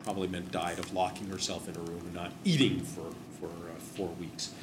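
A man's voice: low voice, steady tone, fairly quick. Man rambling in a roomy, noisy space. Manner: rambling, digressive, wry. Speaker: host discussing memorial plaques. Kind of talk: casual explanatory talk. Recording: roomy echo with background noise.

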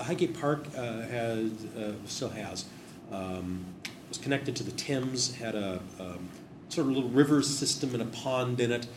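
A man casually explaining old stories in a rambling, digressive and wry way. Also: lowish voice. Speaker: host discussing memorial plaques. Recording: roomy echo with background noise.

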